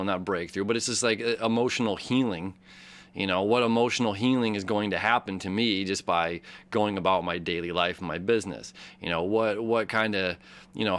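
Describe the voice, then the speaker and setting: A man with a slightly low voice hosts a casual astrology talk. He rambles through his points, looping back with fillers and restarts as he explains. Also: a bit bright. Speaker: astrology host.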